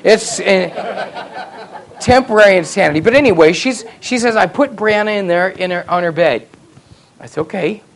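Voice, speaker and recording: A middle-aged man preaching a sermon as pastor, telling family stories with self-deprecating humor and building to loud, emphatic peaks. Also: high voice, normal speed, a little hiss or hum. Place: church sanctuary.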